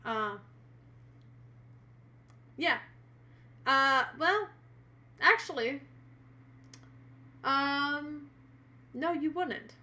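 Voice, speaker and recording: A woman's voice: high voice, extremely slow, pauses often, pushed and bright. A woman narrating a tabletop role-playing game as game master on a live stream, hesitant and full of fillers.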